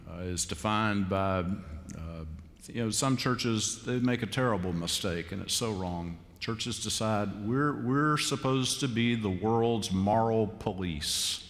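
A man preaching a sermon in a large church, conversational and repeating key phrases with emphatic pauses. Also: mid-range voice, fairly bright tone. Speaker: pastor. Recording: live church recording with long reverb.

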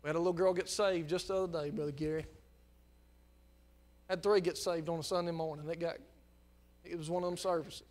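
A male pastor preaching a sermon, moving between quiet storytelling and impassioned, near-shouted exhortation. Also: fairly high pitch, steady tone, fairly quick, pauses often.

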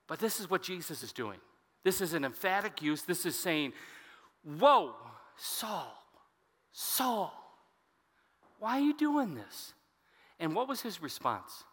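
A male pastor delivering an expository sermon, reading scripture and turning to the congregation with casual asides. His voice is bright and forceful, sitting a little high for a man. The sound carries a long reverb from a large hall.

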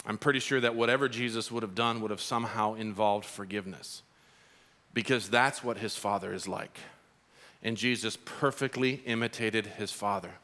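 A man preaching a sermon as pastor, telling stories in an animated way and rising to emphatic peaks. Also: on the low side, moderate pace.

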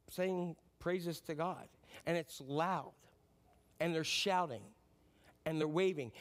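A middle-aged male pastor preaching a sermon in a lively, conversational, joking way. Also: a little high, clear, resonant tone.

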